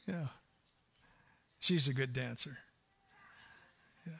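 A middle-aged man preaching a sermon in an animated way, laughing often and acting out quoted voices. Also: medium pitch, slow, creaky, husky. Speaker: pastor.

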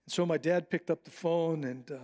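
A middle-aged male pastor delivering a sermon in an earnest, heartfelt way. His voice sits a little higher than most men's, and he slows deliberately on phrases he wants to land. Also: darkish tone. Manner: earnest, personal storytelling with slowed emphatic phrases.

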